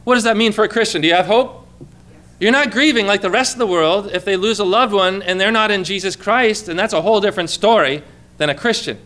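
A man's voice: high voice, quick pace, a bit bright. A man preaching a sermon as a pastor, earnest and conversational, asking the congregation questions.

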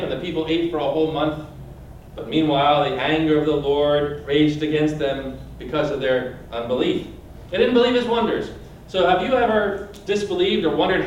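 A man with a slightly high voice preaches and reads scripture aloud, stopping to put questions straight to his listeners. He stands some way off the mic, and his voice rings through a large, very echoey room. A faint hum of room noise sits underneath. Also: far from the mic. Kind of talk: sermon.

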